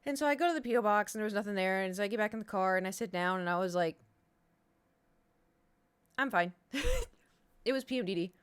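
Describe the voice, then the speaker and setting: A woman chats to her live-stream audience in a loose, rambling way. She speaks candidly and swears freely. Her voice sits at an ordinary middle pitch. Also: quick pace, pauses often, smooth. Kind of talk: casual live-stream chat.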